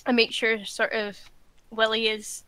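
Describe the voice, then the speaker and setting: A woman's voice: fairly high pitch, level tone, a little slow, bright, forceful tone, smooth, no room sound, rough recording. A young woman playing a tabletop game, describing her character's actions in a hesitant way with many fillers and laughs.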